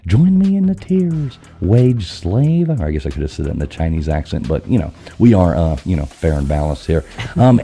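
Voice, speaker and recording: A man hosting a podcast, running through the news with crude, irreverent jokes and quick asides. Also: sits low, dark tone, husky. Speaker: podcast host. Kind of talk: crude comedic news rundown.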